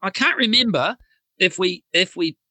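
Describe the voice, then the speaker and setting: Bright-voiced New man telling stories. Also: sits high, animated, normal speed, dry recording. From New Zealand. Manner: chuckling storyteller. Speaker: guest. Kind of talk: casual anecdote.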